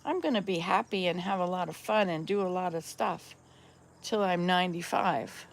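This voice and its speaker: A woman's voice: lowish voice, moderate pace, gravelly. A woman in her sixties chatting casually at home, rambling and upbeat, coaxing her cats now and then. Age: 60s. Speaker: vlogger. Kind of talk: casual chat.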